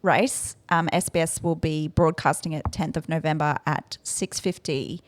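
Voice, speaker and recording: A woman's voice: low voice, steady tone, moderate pace, no echo. An Australian woman co-hosting a casual cycling podcast, bubbly and hesitant with many ums. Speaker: podcast co-host. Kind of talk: casual chat.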